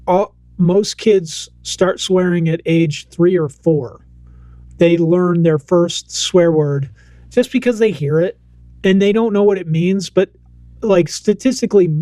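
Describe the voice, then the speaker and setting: A man in his thirties co-hosting a casual podcast, telling a family story with lively acted-out quotes. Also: high-pitched, no echo. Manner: animated storyteller, acts out quotes. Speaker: podcast co-host.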